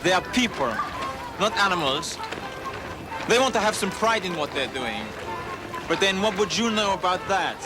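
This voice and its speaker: A man's voice: high voice, animated, normal speed, pauses often. An actor playing an indignant man who scolds his listener for caring only about profit. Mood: reproachful. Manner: reproachful, scolding. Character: indignant man defending vineyard workers. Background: music.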